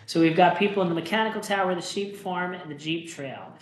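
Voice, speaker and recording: A man hosting a solo board game playthrough, reading the story text aloud and then thinking out loud about his moves in a casual, self-deprecating way. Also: high-pitched, fairly quick, roomy sound, a little hiss or hum, poor audio.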